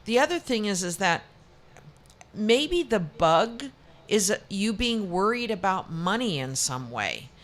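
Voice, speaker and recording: A woman's voice: mid-range voice, sing-song, takes it slowly. A woman giving a tarot reading as a show guest, chatty and reassuring, often restarting her sentences. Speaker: psychic reader.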